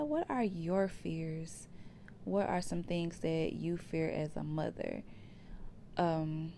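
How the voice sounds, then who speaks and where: Young woman podcasting, low gravelly voice, chatty storytelling, little hiss behind. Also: dark tone. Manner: conversational, addresses listeners as y'all. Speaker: podcast host. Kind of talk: personal storytelling to listeners. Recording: faint background hiss.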